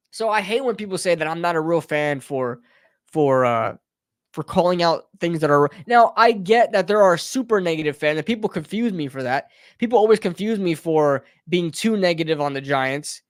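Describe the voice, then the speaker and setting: Heated fan ranting, dry close sound. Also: male voice, high voice, animated, moderate pace, dry recording. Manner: heated, repetitive, calls listeners bro and brother. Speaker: sports talk streamer. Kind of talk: live fan rant.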